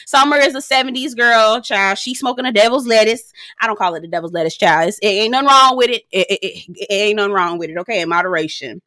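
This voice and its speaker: A woman's voice: mid-range voice, fast, hardly any pauses, pushed and bright, no room sound. A young woman giving a casual, blunt and profane commentary on a reality show, laughing often and talking straight to her viewers. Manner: chatty, speaks straight to viewers.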